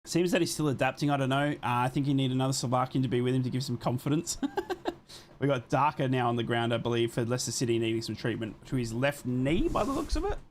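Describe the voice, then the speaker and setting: A man's voice: medium pitch, animated, slight background noise. Guy doing a football watchalong stream, calls the plays then chats w/ comments, says sorry a lot, pretty average voice. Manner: chatty, reads and answers viewer comments between plays; apologetic, quick to say sorry. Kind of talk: casual live match commentary and chat.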